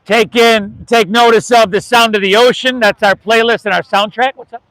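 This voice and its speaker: A man with an American accent leading a live outdoor yoga class, relaxed and encouraging, calling the students "y'all". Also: high voice, moderate pace, no echo, rough recording. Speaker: yoga instructor.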